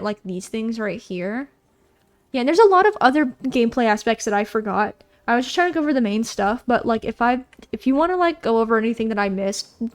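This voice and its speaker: Bubbly young woman gushing over a game. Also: on the high side. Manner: bubbly, gushing, rambling with many fillers. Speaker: gaming YouTuber. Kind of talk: casual gameplay commentary.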